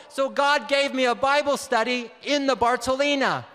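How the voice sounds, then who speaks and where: A man's voice: very high voice, moderate pace, sharp tone. A man in his thirties giving an earnest, emphatic testimony sermon and calling out to his audience. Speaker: preacher. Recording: long hall reverb.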